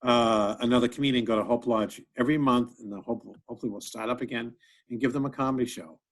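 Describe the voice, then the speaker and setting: A male stand-up comedian telling stories and jokes in a chatty, animated way during an interview. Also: medium pitch, fast talker. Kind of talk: casual interview storytelling.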